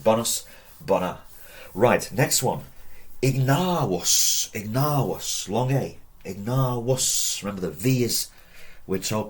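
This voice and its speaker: A man's voice: deep voice, husky. A man teaching a video lesson on Latin, chatty and repeating each word as a drill.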